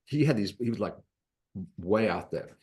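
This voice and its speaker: Low-voiced man telling stories. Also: moderate pace. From South Africa. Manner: lively anecdotal storyteller, acts out quoted voices. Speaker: podcast guest, investor. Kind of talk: storytelling in a podcast interview.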